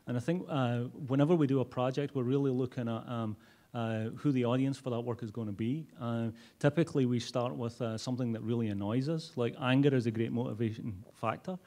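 Scottish man giving a halting talk. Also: medium pitch, mellow. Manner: frequent "uh" fillers, halting. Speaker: guest speaker, design professor. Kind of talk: conference talk.

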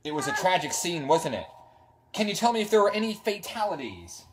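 A woman's voice: lowish voice, big pitch swings, brisk. A woman playing a mock news reporter with her child, in a playful, mock-formal anchor voice. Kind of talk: playful home-video make-believe. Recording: home video with clear background noise.

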